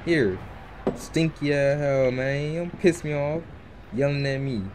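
A young man giving casual, animated let's-play commentary, joking and trash-talking the game's characters. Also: fairly high pitch, slow pace, background noise. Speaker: gaming YouTuber. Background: video game music.

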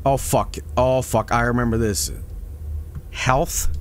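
A man streaming a video game, talking excitedly, swearing and repeating commands over and over. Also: mid-range voice, slow pace, slight background noise. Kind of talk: live gameplay streaming.

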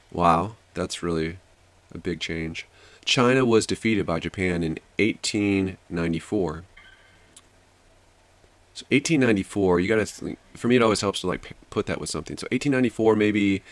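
A man's voice: on the low side, no room sound. A man hosting a study channel, summarizing and explaining a history book in a casual way, thinking aloud with fillers and restarts. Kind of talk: casual study-guide commentary.

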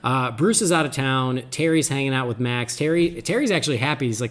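A man co-hosting a podcast, giving a rambling, animated recap of a cartoon episode in casual chat. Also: mid-range voice, a little fast, hardly any pauses. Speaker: podcast co-host.

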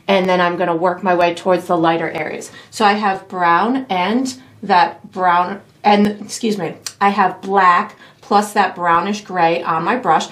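A woman teaching a step-by-step painting tutorial in an easygoing, chatty way, with light laughs and fillers. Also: mid-range voice. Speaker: painting instructor.

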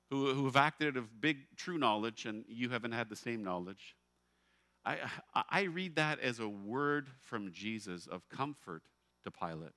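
A male pastor preaching a sermon, expressive and emphatic, often posing rhetorical questions. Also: mid-range voice, no echo. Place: church.

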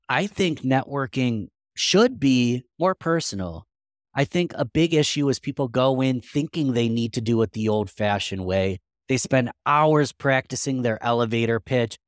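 A man's voice: medium pitch, no room sound, studio quality. Earnest man giving practical advice. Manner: earnest, practical, thinks aloud. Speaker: podcast guest. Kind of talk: conversational interview answers.

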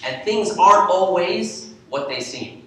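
A man, an imam, gives a talk in a church, telling an animated story to warm up the audience. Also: high-pitched, a little slow. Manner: animated storyteller, lively when quoting. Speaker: imam giving a presentation. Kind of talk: lecture with storytelling. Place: church hall. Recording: echoey hall, from far off.

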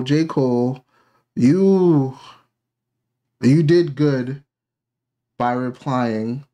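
A man's voice: mid-range voice, darkish tone. A middle-aged man streaming a live reaction, chatting casually with rambling asides and playful interjections.

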